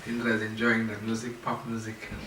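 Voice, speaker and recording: A man teaching a scripture class, telling a story in an animated way and acting out the characters' lines with laughter. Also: fairly low pitch, quick pace. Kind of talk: storytelling lecture. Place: temple class room. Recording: roomy hall, mic at a distance, background noise.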